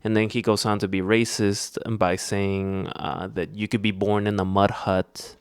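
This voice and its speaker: Slow, low-voiced sardonic man. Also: level tone, clear, resonant tone, dry recording, studio quality. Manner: measured and sardonic, with frequent pauses. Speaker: podcast co-host. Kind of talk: casual critical commentary.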